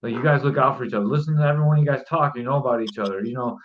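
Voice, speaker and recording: A man's voice: mid-range voice, rapid-fire, muffled recording. A man hosting a casual podcast chat, upbeat and rambling with plenty of fillers as he asks questions. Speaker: podcast host.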